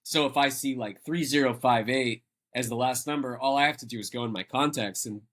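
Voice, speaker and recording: A man's voice: medium pitch, brisk, fairly bright tone. A man co-hosting a podcast in casual chat, rambling and laughing often. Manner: laughing, rambling, self-interrupting. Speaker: podcast co-host.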